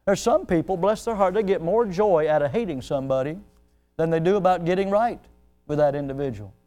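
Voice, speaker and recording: A male pastor preaching a sermon, swelling in pitch and volume as he acts out the people he quotes. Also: fairly quick, warm tone.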